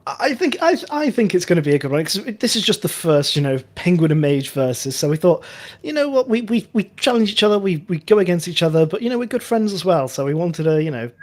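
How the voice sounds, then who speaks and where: A man's voice: high voice, very animated, fast talker, few pauses. Rambling man explaining rules. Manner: rambling, chatty, with many fillers and restarts. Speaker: co-host. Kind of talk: casual chat.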